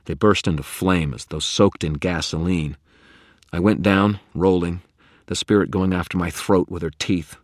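Very deep-voiced male audiobook narrator. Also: fairly even intonation, moderate pace, dry recording, studio quality. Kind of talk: first-person fantasy audiobook narration.

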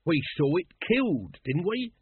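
A man voicing a scruffy, coarse little watchman with a husky, cheeky delivery. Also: on the high side, sing-song, moderate pace, dry recording. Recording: dry, narrow phone-like sound.

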